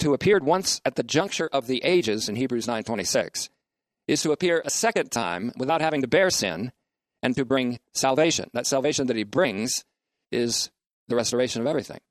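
A man's voice: medium pitch, no echo. A man giving a methodical Bible lecture, reading verses and spelling out Greek words letter by letter. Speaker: bible teacher. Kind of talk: scriptural lecture.

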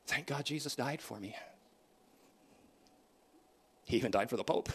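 A man preaching a sermon, swinging from loud emphatic declarations to soft, quiet asides. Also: medium pitch, a little slow, long pauses, husky. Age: older.

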